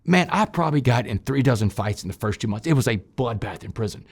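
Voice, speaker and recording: A man telling his personal story in an interview, shifting from loud, emphatic bursts to quiet, low passages and speaking straight to his listeners. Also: expressive, fast talker. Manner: addresses listeners directly as "y'all". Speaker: interview guest recounting his past.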